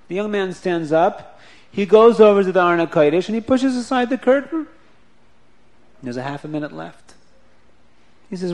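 Brief: male storyteller, high voice, animated, repeats lines for emphasis. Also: normal speed, long pauses. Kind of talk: oral storytelling.

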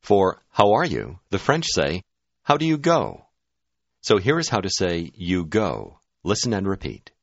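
A very deep male voice leads a language lesson, his pitch swinging widely as he prompts each phrase in a clear, measured way. The sound is dry and close, with a dull, lo-fi tone. It is scripted instructional narration. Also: wildly swooping pitch, no echo. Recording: dull, dry studio audio.

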